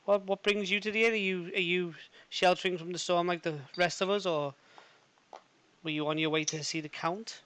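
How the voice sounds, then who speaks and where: A man with a notably high voice, playing a priest character in a tabletop game. He talks in a jokey, playful way. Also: steady tone, moderate pace, a bit bright, clear, resonant tone. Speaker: player.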